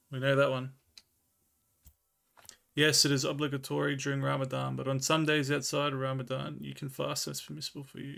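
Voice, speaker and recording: An Australian man livestreaming, chatting casually with viewers and slowly reading old scripture aloud. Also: mid-range voice, vocal fry, bright, forceful tone. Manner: laid-back, chatty, reads old scripture slowly and carefully.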